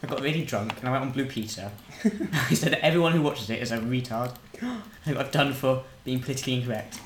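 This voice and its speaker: A man's voice: medium pitch, brisk. A man chatting casually while playing a game, joking and crude. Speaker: gamer. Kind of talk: casual gaming chat. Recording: roomy home mic with faint noise.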